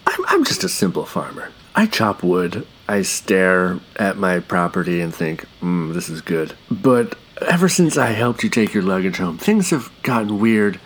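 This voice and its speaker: A man's voice: low voice, very animated, a little slow, few pauses, slightly rough, pitched below the performer's own voice, exaggerated voice, rough recording. A man voicing a simple, befuddled male farmer who stammers and rambles, out of breath. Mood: flustered.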